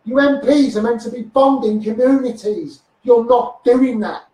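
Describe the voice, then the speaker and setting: A man's voice: very high-pitched, normal speed, mellow. A man with a Liverpool accent ranting in a Facebook live monologue, swearing and firing repeated asides at his viewers, recorded on a phone. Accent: Liverpool (Scouse). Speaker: self-styled activist livestreamer. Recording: echoey room, far from phone mic.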